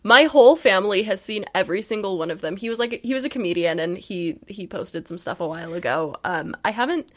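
A young woman co-hosting a podcast in casual chat, animated and laughing as she acts out quotes from a book. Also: mid-range voice, fast talker, few pauses. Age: young adult. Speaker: podcast co-host recapping a book.

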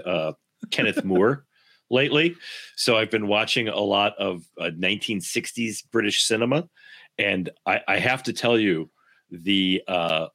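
Brief: male podcast co-host, lowish, bright and forceful tone, rambling with lots of ums. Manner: rambling, lots of fillers and restarts. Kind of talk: casual chat.

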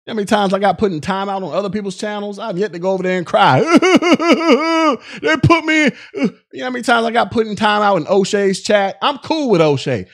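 A man's voice: high voice, expressive, fairly quick, fairly bright tone. A male podcast host on a live stream, ranting in a profane, mocking way at critics.

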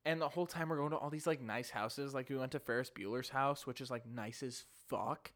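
A man co-hosting a podcast, telling an animated story and acting out what people said. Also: medium pitch, fairly quick. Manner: animated storyteller, acts out quoted voices. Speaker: podcast co-host. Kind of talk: casual chat.

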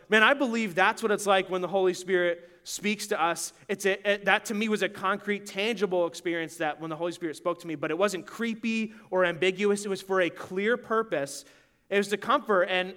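A young man preaching a casual sermon, telling a story in a chatty, animated way with lots of "like" and frequent laughter. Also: sits high. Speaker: pastor.

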